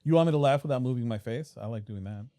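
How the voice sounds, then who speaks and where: A man's voice: mid-range voice, quick pace, mellow, no echo. A man with an American accent hosting a casual comedy chat, blunt and dry, fond of arguing. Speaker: comedy podcast host.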